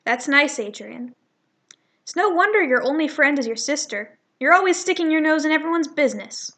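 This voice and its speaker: A woman voicing a sharp-tongued young female cat from a comic she reads aloud, cutting and scornful. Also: sits high, expressive, moderate pace, pitched above the performer's own voice.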